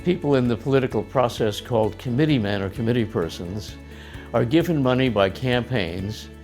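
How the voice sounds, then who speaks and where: A man from the United States explains things in an even, plain way, with light chuckles between remarks. His voice sits at a medium pitch. Soft music plays quietly behind. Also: moderate pace. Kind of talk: scripted lesson dialogue.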